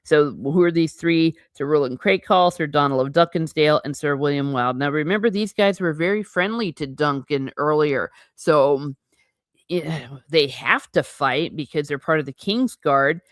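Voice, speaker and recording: A woman reviewing a novel, reading passages aloud and breaking in with gushing, animated asides. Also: low-pitched, normal speed, no room sound, studio quality. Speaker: book reviewer.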